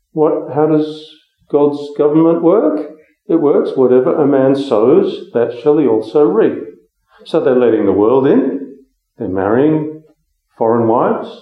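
A man preaching a Bible teaching sermon in a conversational way, with frequent ums and restarts. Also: mid-range voice. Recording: echoey room, dull lo-fi sound.

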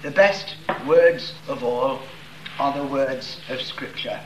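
A man preaching a sermon, reading scripture slowly and leaning hard on the key words. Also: medium pitch. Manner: slow, emphatic reading of scripture with stressed words. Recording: roomy echo with faint room noise.

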